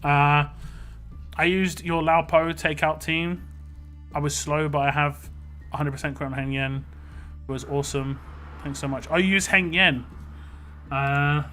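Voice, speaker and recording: A man's voice: on the high side, bright, forceful tone. A man streaming a mobile game, chatting casually and giving opinionated takes, with frequent filler words. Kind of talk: casual live-stream commentary.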